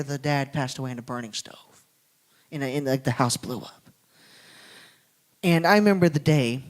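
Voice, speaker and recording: A man with a fairly high voice stands up in a church to tell a story. He speaks from the heart and sounds close to emotional throughout. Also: low-quality recording. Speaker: guest speaker. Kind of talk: sermon storytelling.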